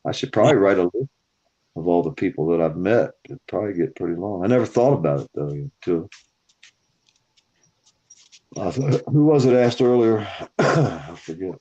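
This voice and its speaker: A man hosting a live stream, telling stories in a profane, animated way. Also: deep voice, normal speed, long pauses, breathy edge. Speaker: stream host. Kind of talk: casual storytelling chat. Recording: dull lo-fi stream audio.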